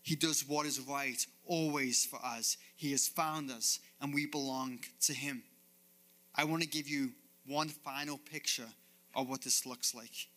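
Male pastor mid-sermon, bright forceful voice, earnest rhythmic delivery from a church stage. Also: mid-range voice, fairly even intonation, measured pace. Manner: earnest, repetitive preaching cadence.

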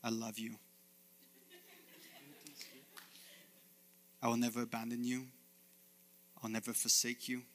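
Man doing a soft near-whisper, gentle loving Jesus, low and hushed. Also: monotone, a little fast, a little hiss or hum, close to an everyday voice. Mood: tender.

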